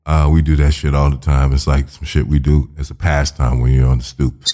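Man, very low voice, podcast host, casual joking chat, swears freely. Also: level tone, fairly quick, dark tone. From Chicago. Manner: loose, joking and profane.

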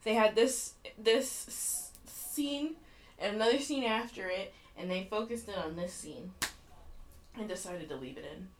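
A woman's voice: medium pitch, expressive, measured pace, a little hiss or hum. A young woman co-hosting a podcast in casual chat, blunt and outspoken, swearing freely. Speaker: podcast co-host.

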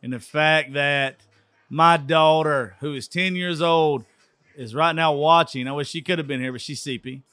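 A man's voice: a little high, fairly even intonation, normal speed, pushed and bright, smooth, no room sound. A tipsy man from Georgia with a Southern accent, hosting a rowdy, profane live sports call-in style show. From Georgia, USA. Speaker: radio show host. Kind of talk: drunk live sports commentary.

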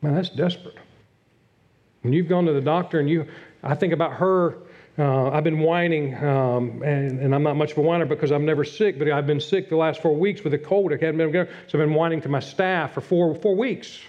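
A middle-aged man preaching a sermon as pastor, earnest, dropping to a hush and rising again. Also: a little high, fairly quick. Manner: earnest, swings from loud to hushed. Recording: dull lo-fi sound.

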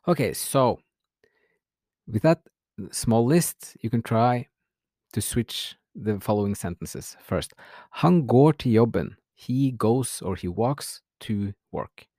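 Slow man teaching, gravelly. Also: on the low side, darkish tone, no room sound, studio quality. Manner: slow and clear, modelling example sentences. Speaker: language teacher. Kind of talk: language lesson.

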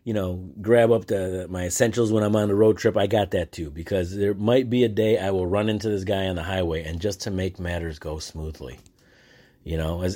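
A man hosts a podcast solo, telling a long story in a loose, rambling way. His voice sits fairly low, and he trips over restarts and fillers as he goes. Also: steady tone, normal speed, warm tone. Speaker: podcast host. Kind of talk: casual storytelling monologue.

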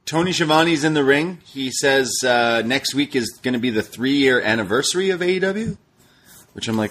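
A man's voice: mid-range voice, moderate pace. A man co-hosting a podcast, chatting casually and acting out what others said as he recaps a show. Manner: animated retelling, acting out quoted lines. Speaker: podcast co-host. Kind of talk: casual wrestling recap chat.

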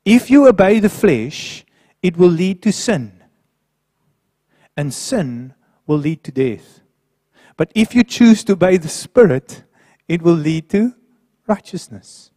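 A man preaching a sermon who swings between quiet, low passages and raised, emphatic ones. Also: sing-song, slow, long pauses, dry recording, clean studio sound.

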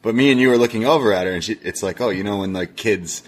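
A man's voice: fairly low pitch, fast talker. A man co-hosting a podcast, telling a long story in casual chat, swearing often and laughing at himself. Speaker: podcast co-host.

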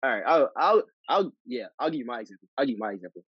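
A man hosting a podcast, telling stories with animated acted-out dialogue. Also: medium pitch, rapid-fire, husky, dry recording, highs cut off. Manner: animated storyteller, acts out dialogue. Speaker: podcast host. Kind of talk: casual chat.

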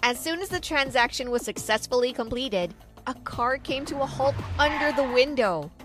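A young woman narrates her own story with dramatic storytelling. Her voice sits high, and faint music plays beneath her. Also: lively intonation, normal speed. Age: young adult. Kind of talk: scripted first-person story narration.

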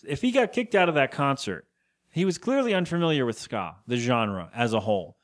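A man's voice: mid-range voice, expressive, a little fast. Rambling podcast guy acting out scenes. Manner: rambling, acts out characters' lines in put-on voices. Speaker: podcast co-host. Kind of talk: casual chat recapping a TV episode.

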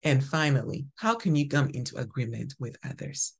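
A woman's voice: very deep voice, expressive, vocal fry, breathy edge. A woman hosting a devotional podcast, teaching scripture in an emphatic, preacherly way. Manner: slow, emphatic, preacherly, stresses single words. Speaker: podcast host.

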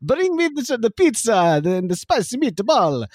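A man's voice: very animated, slow, dry recording, clean studio sound, exaggerated voice. A man doing a jokey put-on Italian voice, like a cartoon plumber, exaggerated and bouncy. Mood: hammy. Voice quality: exaggerated mock Italian accent, high and bouncy.

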